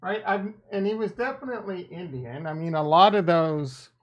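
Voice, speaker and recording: A man's voice: high-pitched, normal speed, highs cut off. A man hosting a casual livestream, talking back to his chat in a defensive, joking way. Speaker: livestream host reading chat.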